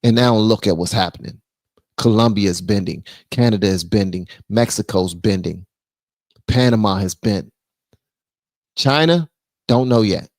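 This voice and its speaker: A man hosting a casual political live stream, blunt and animated, reading viewer messages aloud. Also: fairly low pitch, moderate pace, no echo. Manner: blunt, animated, reads super chats aloud.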